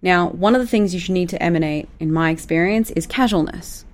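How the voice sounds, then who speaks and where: A woman's voice: fairly low pitch, brisk. A woman, giving casual, direct advice to managers and acting out quoted dialogue in a playful way. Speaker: business coach for managers.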